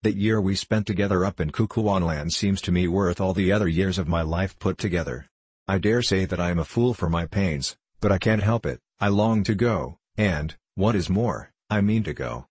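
A man's voice: low-pitched, normal speed, breathy edge, dry recording. A man reading as an earnest English baronet. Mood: longing. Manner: earnest, animated. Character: restless hearty English baronet adventurer, man.

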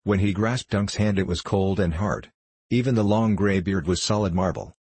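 A man narrates a storybook in a measured, expressive way. His voice is low and husky, and the recording is close and dry. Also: no echo. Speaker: audiobook narrator.

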